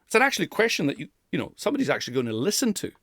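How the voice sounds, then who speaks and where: Animated man coaching pronunciation. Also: on the high side, rapid-fire, dry recording, clean studio sound. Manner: animated, demonstrative, laughs often. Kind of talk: pronunciation lesson.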